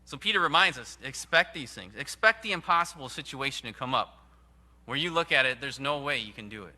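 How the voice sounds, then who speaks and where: A man preaching a sermon in an earnest, emphatic way, with sudden rises and hushed drops. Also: medium pitch, expressive, a little fast. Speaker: pastor.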